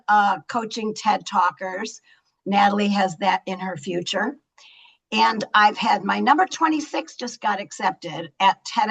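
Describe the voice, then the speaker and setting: An older woman moderates a virtual chat over a video call, her voice effusive and animated. She speaks at an ordinary pitch for a woman. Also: creaky, low-quality recording. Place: Los Angeles.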